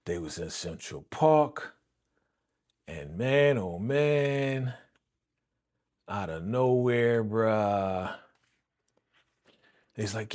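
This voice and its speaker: A man hosting a live reaction stream, excitedly retelling a TV episode in slangy, chuckling casual talk. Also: lowish voice, slow pace, pauses often.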